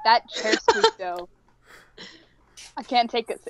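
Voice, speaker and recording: A woman's voice: a little high, very animated, slow pace, no echo, poor audio. A woman guest in a casual chat over a video call, blunt and sarcastic.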